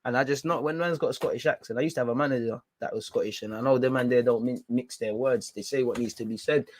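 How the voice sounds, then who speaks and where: A man with a London accent hosting a football fan channel, chatting casually and excitably with plenty of slang. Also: medium pitch, fast talker, dry recording. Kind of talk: casual fan reaction commentary.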